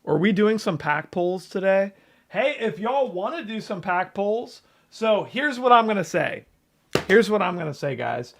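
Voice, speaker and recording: Male streamer, slightly high and gravelly, hyped and swearing while he reads chat. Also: a little slow. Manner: excitable, profane, reads chat names aloud. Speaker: livestream host. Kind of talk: casual livestream chat.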